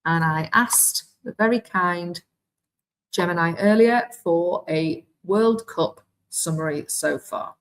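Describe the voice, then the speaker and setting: A woman with a Welsh accent walks teachers through a live online demonstration. Her voice sits a little low, and she talks in a chatty, self-deprecating way, thinking aloud as she clicks. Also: slow, low-quality recording. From Wales. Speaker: teacher trainer.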